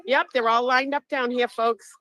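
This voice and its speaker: A woman's voice: a little high, steady tone, moderate pace, pushed and bright, dry recording, low-quality recording. A woman from Massachusetts hosting a casual livestream outdoors, chatting and greeting people as she walks. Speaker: livestream host.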